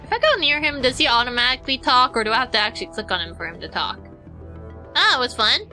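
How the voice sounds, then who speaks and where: Bright, lively, high-voiced woman streamer. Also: quick pace, soft background music. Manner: chatty and playful, rambling asides. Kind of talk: casual chat while playing.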